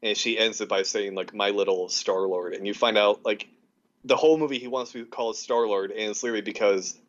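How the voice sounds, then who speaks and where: A man's voice: lowish voice, quick pace. Rambling man co-host, dull lo-fi sound. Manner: enthusiastic, rambling with many fillers. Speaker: podcast co-host. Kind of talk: casual chat.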